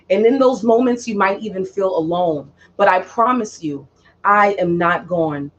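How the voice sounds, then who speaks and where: Woman reciting solemn spoken-word poetry. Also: medium pitch. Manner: slow, solemn, repetitive delivery. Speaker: poet. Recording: dull lo-fi audio.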